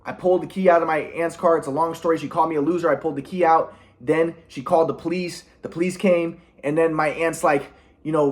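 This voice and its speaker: A man telling a long personal story in a rambling monologue, halting often with restarts and repeated words and clearing his throat. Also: on the high side, steady tone. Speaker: vlogger.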